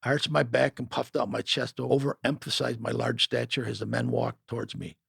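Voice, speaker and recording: A man's voice: mid-range voice, little pitch movement, brisk, vocal fry, fairly bright tone, husky, no echo, studio quality. A man narrating a first-person memoir in a gritty, matter-of-fact way.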